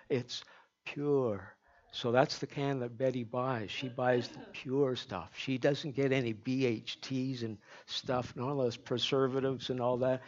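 Male preacher from Canada, folksy sermon, fairly high voice, dull lo-fi recording. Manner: chatty, joking asides to the congregation. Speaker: pastor.

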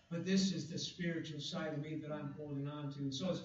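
A high-voiced man preaching a sermon, drawing out scripture lines with slow emphasis and stumbling now and then on fillers. He sounds far from the mic in a very echoey room. The recording is dull and muffled. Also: little pitch movement, a little mellow. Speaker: pastor.

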